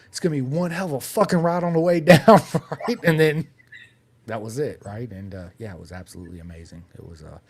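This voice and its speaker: A man's voice: medium pitch, a little fast, a little mellow. A man telling a story on a podcast, swearing freely and tagging his sentences with "right?" and "bro". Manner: profane, punctuates with "right?" and "bro". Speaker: race team member guest.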